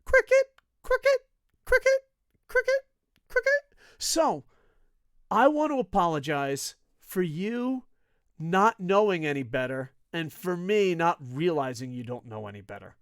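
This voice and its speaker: A man with a voice on the high side hosts a wrestling talk stream, speaking unhurriedly in a studio-quality recording with no echo. He rants casually to camera, sarcastic, animated and swearing a lot.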